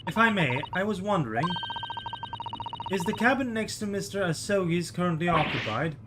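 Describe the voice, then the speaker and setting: A man's voice: high voice, lively intonation, normal speed, heavy background noise. A man playing a polite, earnest young student. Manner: courteous and hesitant, with formal requests.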